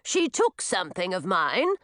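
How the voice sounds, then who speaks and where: A woman's voice: lowish voice, huge pitch swings, unhurried, a bit bright, dry recording, clean studio sound, heavily acted. A woman voicing a cackling old witch, grasping and rude, with a brash drawl. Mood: demanding.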